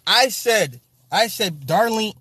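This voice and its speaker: A man's voice: high voice, takes it slowly, a little hiss or hum. A man hosting a casual livestream, reading viewer comments aloud, swearing freely and laughing often. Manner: profane, animated, laughs often, talks straight to the chat. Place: home streaming setup with ring light.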